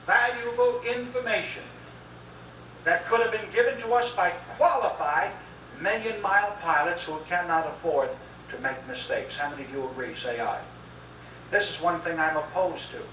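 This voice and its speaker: On an old, echoey VHS tape captured from a distance, a man delivers an impassioned public lecture in a preacher-like style, pushing the audience to answer aloud. His voice sits high and sounds sharp, with slight background noise.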